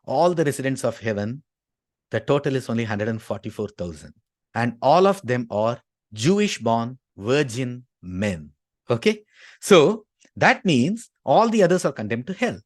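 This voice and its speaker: A man's voice: mid-range voice, big pitch swings, moderate pace, no echo, studio quality. Emphatic man lecturing. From Tamil Nadu, India. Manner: emphatic, constantly inserts "okay". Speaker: speaker at a talk. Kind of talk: argumentative lecture.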